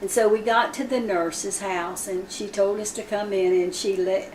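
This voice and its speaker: A woman's voice: mid-range voice, steady tone, moderate pace, darkish tone, a little hiss or hum. Woman storyteller, roomy distant sound. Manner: vivid, acts out quoted speech. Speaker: Bible study teacher. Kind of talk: storytelling in a Bible lesson.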